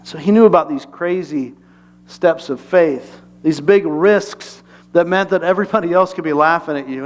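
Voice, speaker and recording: A male pastor giving a conversational, humorous sermon and asking the congregation questions. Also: sits high.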